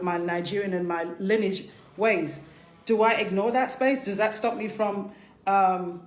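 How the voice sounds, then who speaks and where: Passionate woman in an echoey room. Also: fairly high pitch. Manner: passionate, conversational, emphatic with rhetorical questions. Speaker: spiritual teacher and priest. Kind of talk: informal spiritual talk.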